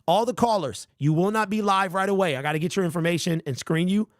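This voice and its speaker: A man hosting a sports fan call-in show, talking in an energetic, slangy way. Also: sits high, fast, no room sound, clean studio sound. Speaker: postgame show host.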